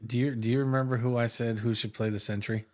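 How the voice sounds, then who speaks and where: A man co-hosting a podcast, chatting in a relaxed, joking way and trailing off mid-sentence. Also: medium pitch, fast. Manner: laid-back and jokey, trails off mid-sentence. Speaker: podcast co-host. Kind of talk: casual podcast chat.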